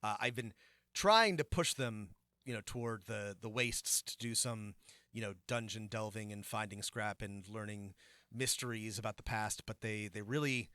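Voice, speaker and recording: A man's voice: on the low side, moderate pace, pushed and bright, dry recording, clean studio sound. A man co-hosting a tabletop gaming podcast, talking in a rambling way with lots of fillers and restarts. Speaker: podcast co-host and game master. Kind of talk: casual podcast chat.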